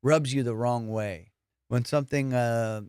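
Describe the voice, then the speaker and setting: A man's voice: mid-range voice, steady tone, unhurried, darkish tone, clean tone, no room sound. A man hosting a comedy podcast, riffing in a casual, profane way and slipping into put-on voices.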